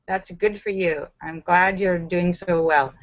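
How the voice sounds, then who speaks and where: A woman's voice: on the low side, steady tone, a little slow, no echo. A woman hosting a live stream, reading out viewer jokes and laughing at the punchlines. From Los Angeles. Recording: dull, dry home recording.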